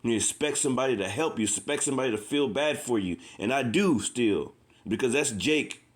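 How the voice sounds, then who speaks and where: Medium-pitched, animated and a little fast, this street preacher delivers an impassioned, informal sermon. He is repetitive, frequently says "man," and weaves scripture readings between his own remarks.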